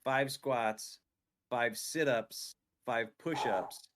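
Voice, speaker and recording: A guest streamer in casual conversation, animated as he acts out his own reactions in his stories. His voice has a bright, forceful edge at a middle pitch. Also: very slow. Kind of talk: casual chat.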